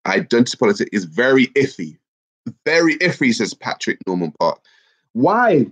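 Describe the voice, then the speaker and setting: The host's mid-range voice is brisk but bunged up with a cold as he runs a casual livestream. He reads viewer comments aloud in a lively, chatty manner, captured in dull lo-fi stream audio.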